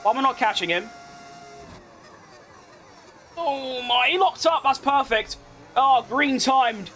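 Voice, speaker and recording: A man talking through his racing game in a very high, bright voice. He chats along casually, then jumps into excited shouts whenever things get close, and swears freely. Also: slow, a little hiss or hum. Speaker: gaming creator. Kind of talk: live gameplay commentary.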